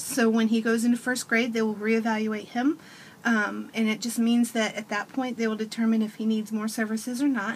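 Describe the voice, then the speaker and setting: A woman's voice: fairly high pitch, a little hiss or hum. A woman in her thirties giving a casual testimonial as a parent, telling stories with animation and acting out her child's voice.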